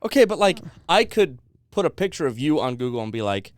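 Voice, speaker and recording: A man's voice: medium pitch, sing-song, fast, no echo, studio quality. A young man co-hosting a podcast, chatting casually in a blunt, skeptical way and swearing freely. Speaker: podcast co-host. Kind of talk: casual chat.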